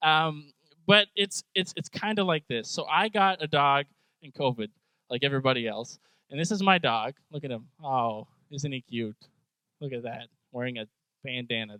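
A man giving a casual devotional talk, animated and joking, with self-deprecating humor. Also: on the high side, clear, resonant tone, no room sound, low-quality recording. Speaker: Bible teacher.

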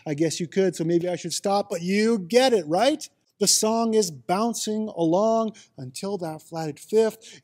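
A man giving a casual, playful teaching talk on the Bible, with sudden animated exclamations. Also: sits high.

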